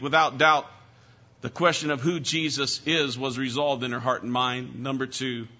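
A man's voice: medium pitch, sharp tone. A man preaching a sermon as pastor, emphatic and full of rhetorical questions. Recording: dull lo-fi church recording.

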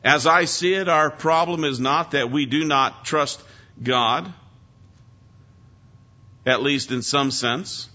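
A man's voice: a little high, slow pace, long pauses, bright, forceful tone. A man teaching through a psalm in an earnest sermon, stressing key words with emphasis. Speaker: preacher. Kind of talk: expository Bible teaching. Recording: dull lo-fi recording.

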